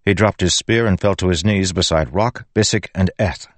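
Brief: male audiobook narrator, measured delivery, low voice. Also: no room sound. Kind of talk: scripted narration.

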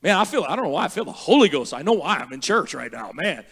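Emphatic male preacher, higher voice. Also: big pitch swings, slightly rough. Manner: emphatic, builds to shouting praise; repeats words slowly for teaching. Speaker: guest pastor. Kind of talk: sermon.

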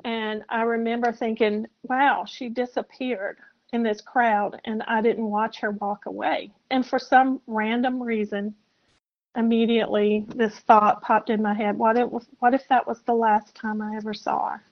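A woman in her sixties from South Carolina, a podcast guest telling a personal story in a soft, halting, reflective way. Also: fairly high pitch, little pitch movement. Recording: muffled lo-fi audio.

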